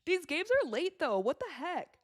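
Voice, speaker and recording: Chatty, excitable woman calling a game live. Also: high-pitched, no echo, studio quality. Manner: chatty and excitable, quick reactions, frequent laughter. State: tired and yawning. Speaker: live-stream sports commentator. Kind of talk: casual watch-along game commentary.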